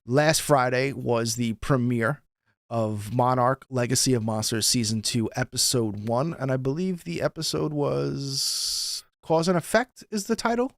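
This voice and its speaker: A man co-hosting a casual podcast, chatting in an animated way and laughing often. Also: medium pitch, unhurried, creaky, no echo, studio quality. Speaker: podcast co-host. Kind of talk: casual chat.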